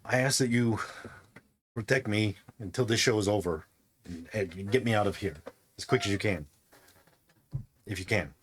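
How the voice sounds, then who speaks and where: Guy doing a worried celeb, hushed and urgent, asking for protection. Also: on the low side, moderate pace, pauses often, slight background noise, voice pushed down, close to an everyday voice. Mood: pleading. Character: anxious male celebrity entertainer pleading for protection.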